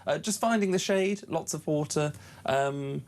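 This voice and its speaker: A man's voice: on the high side, measured pace. A man co-hosting a breakfast radio show, chatting casually, stumbling over his first words before making his point. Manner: hesitant, restarts, then opinionated. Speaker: radio co-host. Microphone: studio microphone.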